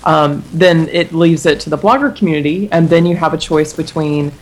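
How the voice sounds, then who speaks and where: Woman on a podcast, low voice, thinks out loud, reflective. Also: moderate pace, rough recording. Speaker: podcast guest. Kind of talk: casual podcast conversation.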